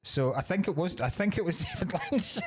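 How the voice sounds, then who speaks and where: A man with a Scottish accent co-hosting a comedy podcast, talking in a lively, agreeable way and often saying "yeah". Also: high-pitched, brisk, breathy edge. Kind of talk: casual chat.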